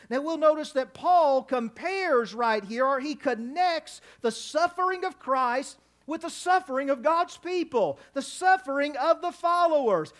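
High-voiced preaching man. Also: moderate pace, hardly any pauses. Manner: preaching, building to loud emphatic cries. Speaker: pastor. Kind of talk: sermon. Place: church.

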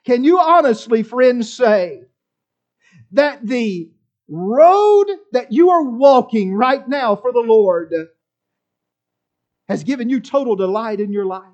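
Man, pastor, high voice, fervent emphatic sermon, muffled lo-fi recording. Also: expressive, takes it slowly, pauses often. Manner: fervent, emphatic preaching with big swings in loudness. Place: church service in the evening.

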